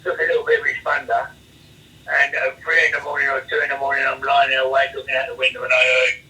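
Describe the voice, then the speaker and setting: A man's voice: medium pitch, flat delivery, quick pace, sharp tone, far from the mic, rough recording. A man telling blunt, profane prison and street anecdotes as an interview guest, in a rambling, casual way. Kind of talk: casual storytelling chat.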